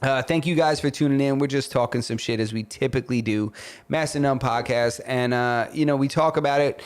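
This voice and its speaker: A man's voice: medium pitch, brisk, clean tone. A young man co-hosting a casual podcast who tells stories animatedly and calls everyone bro. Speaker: podcast co-host. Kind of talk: casual chat.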